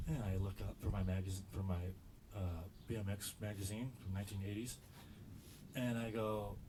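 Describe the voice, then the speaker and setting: A man doing a stand-up routine, rambling and stammering as he tells stories, jumping into loud quoted voices. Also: on the low side, fast, a little hiss or hum, poor audio. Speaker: stand-up comedian.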